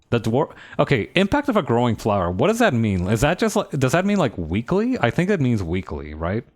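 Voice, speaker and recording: Animated joking male streamer. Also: medium pitch, normal speed. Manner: animated, joking, swears and laughs often. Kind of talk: live game commentary and reading.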